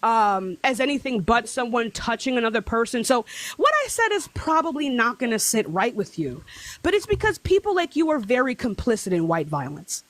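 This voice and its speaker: High voiced woman ranting on a live, pitch all over the place, dead dry mic. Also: very animated, moderate pace, no room sound, low-quality recording. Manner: impassioned, escalating into shouting. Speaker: panel guest. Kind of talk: heated livestream panel argument.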